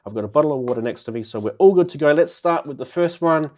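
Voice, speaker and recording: A man hosting a live synth show in casual chat, his voice nasal and muffled from a cold, chatty and quick to laugh as he greets viewers by name. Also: fairly high pitch, lively intonation, darkish tone.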